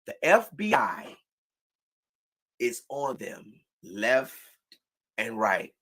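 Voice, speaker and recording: A woman hosting an impassioned livestream talk show, preaching and often shouting in outrage. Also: very deep voice, big pitch swings, very slow. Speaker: host.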